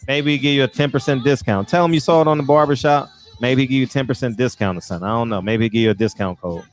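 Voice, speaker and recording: A man's voice: medium pitch, fast talker, soft background music. A man hosting a casual livestream, chatting animatedly, laughing often and reading out viewer comments. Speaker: livestream host.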